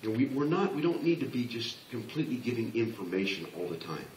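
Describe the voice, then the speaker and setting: A man giving a motivational business presentation to a live audience, talking in an animated way with frequent restarts and acted-out replies. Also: mid-range voice, quick pace, a little hiss or hum. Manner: animated, repeats and restarts, acts out people's replies. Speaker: business coach speaker. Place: large room before a live audience. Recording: echoey room from far off.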